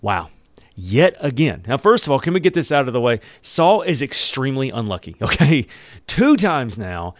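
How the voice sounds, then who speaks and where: A man at an ordinary middle pitch talking through a Bible passage like a friendly teacher. He is loose and animated, breaking off for quick asides. His voice is close and dry, with no room sound around it. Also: dry recording. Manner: conversational and animated, with asides and restarts. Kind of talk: casual Bible devotional teaching.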